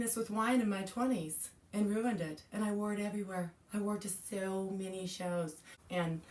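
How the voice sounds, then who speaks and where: A woman's voice: medium pitch, normal speed, hardly any pauses, a little mellow, distant mic. A woman in her forties chatting casually while unboxing, gushing and exclaiming often. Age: 40s. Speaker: vlogger.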